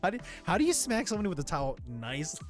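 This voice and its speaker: A man's voice: high-pitched, wildly swooping pitch, rapid-fire, music in the background. A man streaming live in casual chat, rambling and ranting with frequent swearing.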